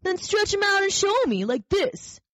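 A woman voicing a wild, teasing young male rabbit in a storybook reading, lively and mocking. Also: extremely high pitch, moderate pace, no echo, voice pushed up, full character voice. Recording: dry, slightly dull recording.

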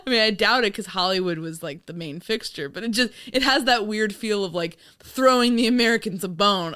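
A woman's voice: mid-range voice, a little fast, hardly any pauses, pushed and bright, clear, resonant tone, no room sound, clean studio sound. A young woman co-hosting a podcast in casual chat, joking and sarcastic, often laughing. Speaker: podcast co-host.

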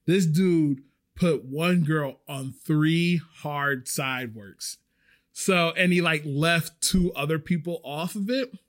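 A man casually telling a story about his restaurant job, animated and swearing freely. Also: fairly high pitch, slow pace. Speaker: restaurant server.

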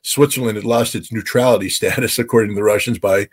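This interview guest, once a weapons inspector, speaks in a low, slightly rough voice while giving expert commentary. Halting and filler-heavy, he becomes lively as he quotes other people.

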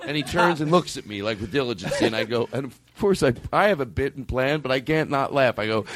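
Comedy podcast host, male, lively sliding pitch, rambling storyteller who laughs and swears through his bits, dry studio mic. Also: fast, hardly any pauses, no room sound. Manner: animated, laughs and swears often, acts out bits.

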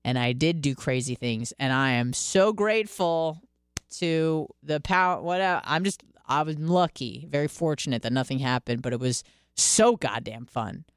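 A woman in her twenties hosting a radio podcast, telling candid stories in a casual, profane, animated way. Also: deep voice, moderate pace, clear, resonant tone, no room sound, clean studio sound. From Michigan, US. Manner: candid, profane, animated storytelling with quoted self-talk. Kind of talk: casual monologue.

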